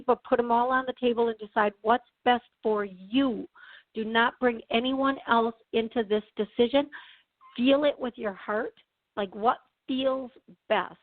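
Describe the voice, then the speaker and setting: A woman's voice: fairly high pitch, dry recording. Chatty woman hosting a psychic call-in show. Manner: chatty, reassuring, clears throat often. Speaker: psychic medium radio host. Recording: tinny phone-like sound, dry.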